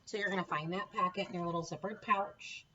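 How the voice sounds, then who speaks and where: A woman's voice: fairly low pitch, fairly even intonation, a little fast, bright, forceful tone, highs cut off, a little hiss or hum. A woman teaching a recorded phonics lesson to children, patient and encouraging, spelling out letter sounds one by one. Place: home classroom setup with a board.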